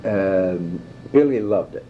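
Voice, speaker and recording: An older man, a guest actor, telling lively stories in an interview, swearing freely and mimicking others. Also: low voice, takes it slowly. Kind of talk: anecdotal interview. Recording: dull lo-fi tape with faint hiss.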